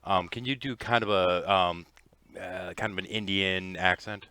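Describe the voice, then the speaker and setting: A man's voice: low voice, steady tone, measured pace, sharp tone, smooth. A man chatting and telling anecdotes on a group voice call. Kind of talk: casual group chat over voice call.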